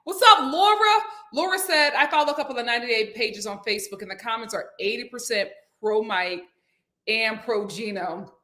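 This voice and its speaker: A woman's voice: a little high, lively intonation, normal speed, pushed and bright. A woman hosting a casual live stream from home, chatting and reading viewer comments aloud.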